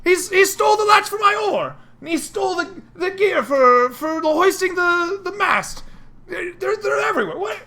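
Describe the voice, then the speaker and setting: A woman voicing a panicked male ship crew member who shouts and stammers. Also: very high-pitched, expressive, moderate pace, voice pushed up, heavily acted. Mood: frantic.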